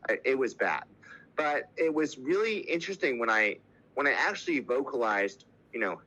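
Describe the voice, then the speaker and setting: Bright-voiced man telling a raw story. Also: mid-range voice, expressive, normal speed, poor audio. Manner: emotional, swearing, quoting others. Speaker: podcast guest. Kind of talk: candid personal story.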